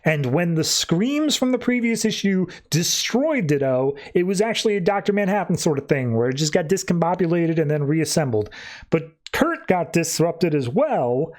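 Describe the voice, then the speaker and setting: A man's voice: fairly high pitch, moderate pace. Man casually recapping a comic. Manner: loose, slangy retelling with animated asides. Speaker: podcast host.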